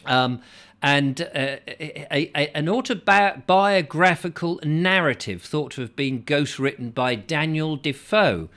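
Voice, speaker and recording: A man's voice: a little high, expressive, slow, fairly bright tone. An English man hosting his own video, telling a history story in a rambling, digressive way, full of fillers and chatty asides to his viewers. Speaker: host. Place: home studio.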